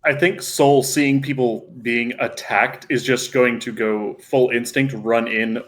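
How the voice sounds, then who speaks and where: A man's voice: medium pitch, fairly even intonation, takes it slowly. Earnest man playing a tabletop game. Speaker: player.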